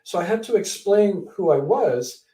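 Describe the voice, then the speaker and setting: A man with a slightly high yet mellow voice tells an animated story in an interview, jumping into the voices of the people he met. He sits some way from the mic, and the room echoes around him. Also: moderate pace, far from the mic. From Canada. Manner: animated storyteller who acts out quoted people. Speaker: author and guest.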